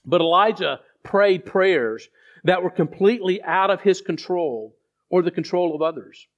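A man's voice: high voice, highs cut off. A man preaching a sermon as pastor, telling a story with frequent restarts. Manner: halting storyteller with many restarts.

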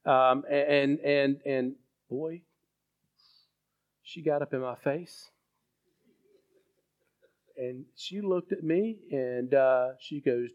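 A man's voice: mid-range voice, highs cut off. A man preaching a sermon as pastor, telling a story with frequent restarts. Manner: halting storyteller with many restarts.

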